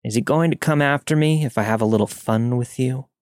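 A man's voice: medium pitch, a little fast, darkish tone, no echo, studio quality, lightly acted. Sleazy Southern trucker, middle-aged male, drawling, read by a male narrator. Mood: leering. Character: crude flirty middle-aged male trucker turning nasty.

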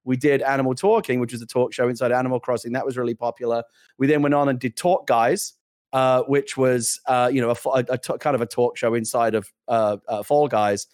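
Fast-talking British man, animated storyteller. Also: mid-range voice, no room sound, studio quality. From Britain. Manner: animated storyteller, laughs often, many restarts. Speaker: podcast co-host. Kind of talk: casual chat.

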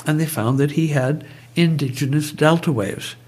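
Husky, fairly high-voiced man who rambles into tangents while telling stories. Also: normal speed, a little mellow. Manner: digressive, goes off on tangents. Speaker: guest, brainwave trainer. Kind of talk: conversational storytelling.

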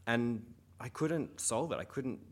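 Deep-voiced Australian man, laid-back storyteller. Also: moderate pace, a little hiss or hum. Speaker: comedian, guest. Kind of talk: casual chat.

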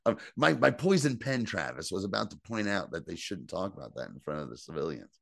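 A man's voice: lowish voice, expressive, normal speed, creaky, no room sound, clean studio sound. A man co-hosting a podcast, recapping a TV episode in casual, rambling chat and acting out characters' lines. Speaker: podcast co-host.

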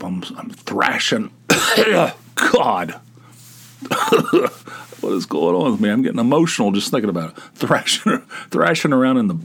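A middle-aged man hosting a podcast, telling a rambling, self-deprecating story in a casual solo monologue and acting out the voices of people he quotes. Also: mid-range voice. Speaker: podcast host.

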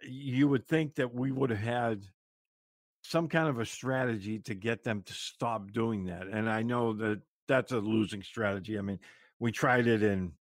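A man's voice: lowish voice, measured pace, dry recording, clean studio sound. A man hosting a radio talk show, asking the guest questions in a loose, chatty way. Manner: conversational, loose with fillers. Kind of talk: interviewing a guest.

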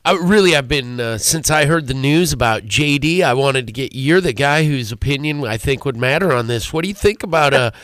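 A man calling in to a radio show, asking a question with halting phrasing. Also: mid-range voice, animated, a bit bright, no echo. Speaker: caller. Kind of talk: casual radio call-in.

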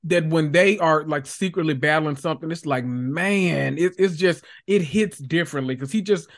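A woman co-hosting a podcast in casual chat, supportive and quick to laugh. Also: sits low. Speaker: podcast co-host.

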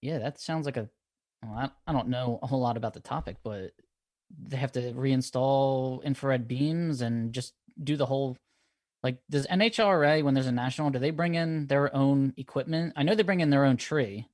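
A man's voice: medium pitch, normal speed, a little mellow, no echo, studio quality. A man hosting an interview, easygoing, asking questions in loose run-on sentences. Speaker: podcast host. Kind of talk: casual interview chat.

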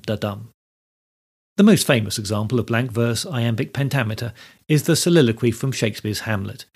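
A man hosting a history podcast, giving a measured, scripted talk that explains things step by step. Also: medium pitch, gravelly, breathy edge. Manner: measured, explanatory, reads quotes aloud. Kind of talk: scripted educational narration.

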